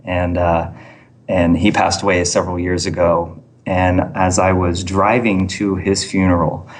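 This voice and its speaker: A man in his thirties, a fitness coach guest on a podcast, telling a personal story in an earnest, halting way with many restarts. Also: deep voice, level tone. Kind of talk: storytelling in an interview.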